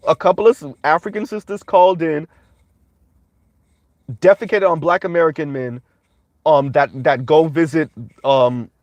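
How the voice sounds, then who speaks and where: A man's voice: fairly high pitch, fairly even intonation, moderate pace, long pauses, dry recording, muffled recording. A man giving casual livestream commentary, rambling along with frequent "um" fillers.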